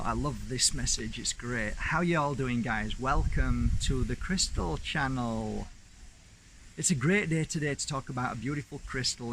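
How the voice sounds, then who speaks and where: A man's voice: medium pitch, a bit bright, slight background noise, poor audio. A man hosting his own channel, telling a personal story in a chatty, rambling, enthusiastic way. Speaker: crystal channel host. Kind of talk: casual storytelling to camera.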